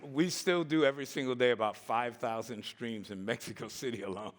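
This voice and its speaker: A man in his sixties telling stories on a conference stage in a lively way, acting out the voices and laughing often. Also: mid-range voice, a little fast, slight background noise. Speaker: conference speaker. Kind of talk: storytelling talk.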